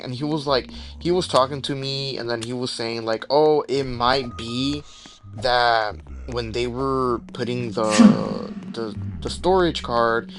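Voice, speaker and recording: Young guy rambling thru a story while playing a horror game, swears a lot, lotta "like", noisy audio. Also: mid-range voice. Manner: rambling, filler-heavy, swears, breaks off to react to the game. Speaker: gaming channel host. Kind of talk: rambling story time over horror gameplay. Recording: noisy recording with steady background noise.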